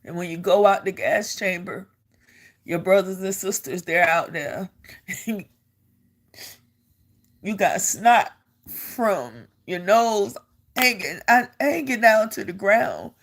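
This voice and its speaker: A woman's voice: medium pitch, slow, pauses often. An older woman, an army veteran, telling a personal story in an earnest way and repeating phrases for emphasis.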